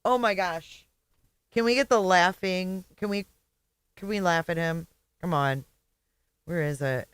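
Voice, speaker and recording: Middle-aged stream host from Indiana, blunt and profane, mid pitch, dry close mic. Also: a little slow, pauses often, a bit bright, smooth, no room sound. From Indiana, USA. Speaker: channel host. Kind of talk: live reaction commentary.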